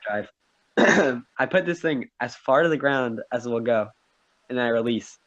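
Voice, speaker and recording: A man's voice: mid-range voice, normal speed, fairly bright tone. A man telling a story in a casual podcast chat with friends, acting out his own reactions with lots of energy. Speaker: podcast co-host. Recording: dull lo-fi faulty mic.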